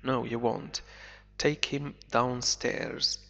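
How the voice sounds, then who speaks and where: A male English teacher whose first language is Arabic reads a story aloud, translating it line by line. He talks slowly and repeats key words for learners. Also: mid-range voice, level tone, vocal fry, bright, forceful tone. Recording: echoey, dull lo-fi recording.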